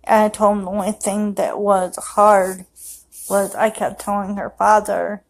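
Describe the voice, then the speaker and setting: A grieving mother telling a personal story to camera in a raw, emotional way, sometimes rushing her words. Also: medium pitch, little pitch movement, creaky, poor audio. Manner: raw, emotional retelling, rushed bursts.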